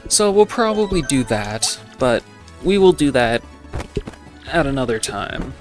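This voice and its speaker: Man, mid-pitched let's-play host; rambling, self-deprecating, faint game music behind. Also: big pitch swings, measured pace. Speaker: gaming channel host. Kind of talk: casual let's play commentary.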